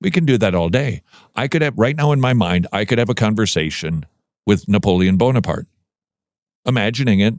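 A man's voice: lowish voice, dry recording, clean studio sound. A man hosting a Christian commentary show, reading news items aloud and reacting in a conversational way, often restarting with repeated words.

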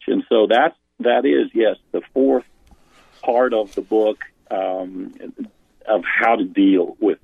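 Over a phone line, in a dry recording, this man is an author and pastor interviewed about church leadership. His voice sits lowish, creaky and slightly rough, and he works through his points earnestly with many restarts.

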